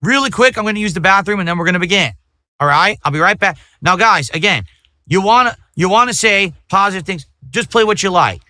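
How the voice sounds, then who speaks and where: A man's voice: sits high, lively intonation, fairly quick, bright, forceful tone, no room sound, clean studio sound. A man livestreaming, lecturing his chat indignantly and repeating his accusations. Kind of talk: ranting livestream talk.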